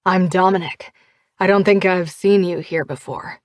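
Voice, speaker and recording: Woman playing a smooth confident guy, flirty, dry close sound. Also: lowish voice, fairly even intonation, normal speed, dry recording, close to an everyday voice.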